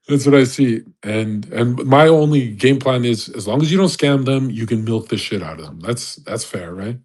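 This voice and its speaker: Brash, husky young man ranting. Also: mid-range voice, expressive, unhurried, darkish tone. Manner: profane, laughs often, brash and boastful. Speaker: streamer on a live audio chat. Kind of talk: casual rant.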